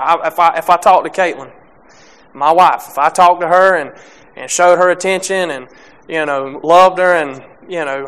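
A young man preaching a sermon, halting with many restarts and fillers, reading scripture and speaking plainly about faith. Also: a little high, a bit bright, clear, resonant tone.

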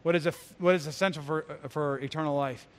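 Male pastor, high voice, earnest sermon delivery, big reverberant hall. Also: fairly even intonation, a little fast. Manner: earnest preaching, swelling loud on key points then dropping low and soft.

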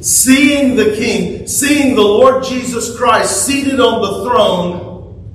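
A man preaching a sermon, slow and deliberate, stressing words through repetition. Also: extremely high pitch, fairly bright tone. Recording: echoey room, speaker far from mic, faint noise.

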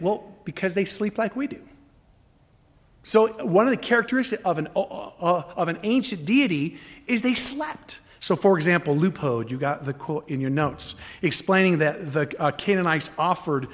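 A man's voice: high voice, lively intonation, moderate pace, in a large hall. A man preaching a sermon, emphatic, acting out the stories he retells. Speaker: pastor.

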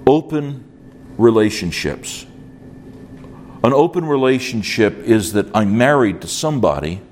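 Casting: male preacher, low voice, emphatic, keeps circling back to his key phrase, faint room noise. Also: darkish tone. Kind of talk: conference sermon. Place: conference hall.

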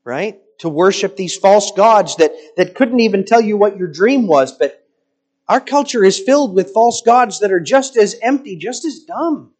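A man preaching a sermon in an emphatic, rhetorical style with deliberate pauses. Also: sits high, lively intonation, darkish tone.

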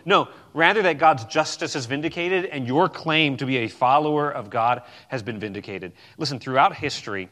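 A pastor preaching a sermon with emphatic swings between loud declarations and quiet, low passages. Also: male voice.

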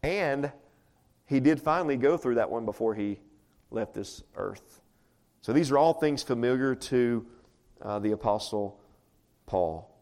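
A man's voice: mid-range voice, lively intonation, a little slow, long pauses, a little mellow. A man preaching a sermon to a congregation in a chatty, conversational way, often asking rhetorical questions. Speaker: pastor. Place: church before a congregation.

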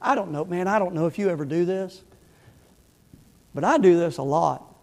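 A middle-aged man preaches from the pulpit with fervor, his voice pitched high and swinging from loud to hushed. The church has a long, ringing reverb. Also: normal speed, vocal fry. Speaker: pastor. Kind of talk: sermon. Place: church sanctuary.

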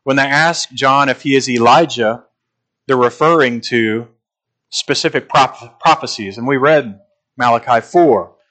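A male preacher with a bright, forceful voice delivers an expository sermon. He is emphatic and drags out key words for weight. His pitch sits in an ordinary middle range. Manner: emphatic, slows down to stress key phrases.

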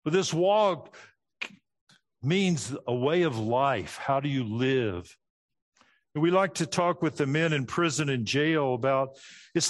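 A middle-aged man preaching an expository sermon, laying out his points in a clear teaching manner and dropping low at the ends of phrases. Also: lively intonation, takes it slowly, long pauses. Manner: structured, teaching, drops pitch at phrase ends.

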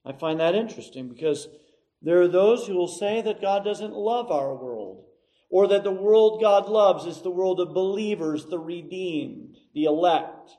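A middle-aged man preaching a sermon, emphatic and measured, with dramatic pauses. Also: sits high, warm tone, poor audio. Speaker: pastor.

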